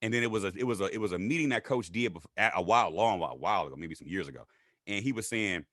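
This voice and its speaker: Fast-talking animated man telling a story. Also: no room sound, clean studio sound. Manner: animated, acts out quotes in high voices. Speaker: guest. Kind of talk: casual storytelling interview.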